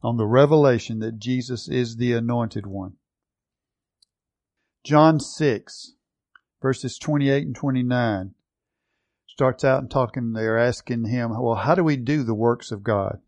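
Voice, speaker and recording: Slow, earnest man preaching a sermon. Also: mid-range voice, a little mellow, dry recording. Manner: earnest, emphatic Bible teaching with slow stressed phrases.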